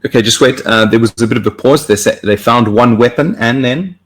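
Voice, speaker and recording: A man's voice: medium pitch, a little fast. A man hosting a casual interview, asking questions in a hesitant way and repeating his words. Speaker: podcast host.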